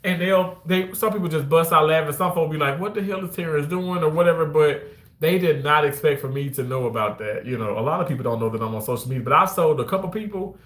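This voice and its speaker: A man chatting casually with his viewers on a livestream, animated and quick to exclaim. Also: a little high, echoey room.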